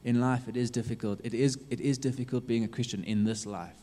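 A man preaching a sermon, earnestly urging his listeners with lots of repetition, swinging from loud to hushed. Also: mid-range voice, fairly even intonation, a little fast. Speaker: youth preacher. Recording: long reverb of a hall.

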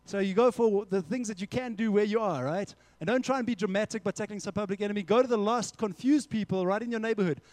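A young man preaching a casual, energetic sermon to a youth group, slipping into quick acted-out dialogues as he teaches. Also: high voice, no echo. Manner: energetic, conversational, acts out little dialogues. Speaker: youth pastor.

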